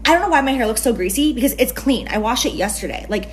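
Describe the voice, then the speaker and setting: A woman's voice: fairly high pitch, expressive, quick pace, a little hiss or hum, rough recording. A woman beauty influencer chatting through a makeup tutorial, gushing, giggly and often profane.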